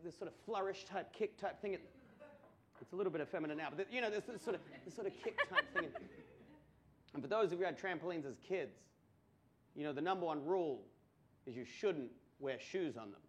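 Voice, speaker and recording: An Australian man doing stand-up storytelling, swearing, stammering through restarts and building to loud punchlines. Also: a little high, a little fast, pauses often, a little hiss or hum. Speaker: stand-up comedian. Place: comedy club stage before a laughing audience.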